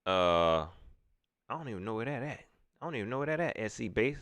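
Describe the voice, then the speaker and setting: Lively man on a sports stream. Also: fairly low pitch, fairly quick, no echo. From South Carolina. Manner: loose and laughing, with playful mock voices and repetitions. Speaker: host of a live sports talk stream. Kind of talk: casual live-stream chat, reading viewer comments.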